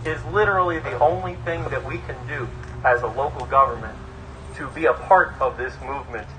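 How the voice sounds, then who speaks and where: A man who is a local government official speaks at an outdoor protest rally, halting and searching for words. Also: medium pitch, bright, forceful tone, slight background noise, low-quality recording. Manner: hesitant, halting with fillers.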